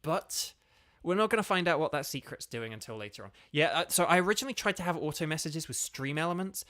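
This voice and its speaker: A man's voice: on the high side, lively intonation, quick pace, fairly bright tone. A young British man chatting casually while livestreaming a video game, rambling with lots of fillers. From Britain. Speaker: game streamer and voice actor. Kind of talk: casual gaming livestream chat. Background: faint background music.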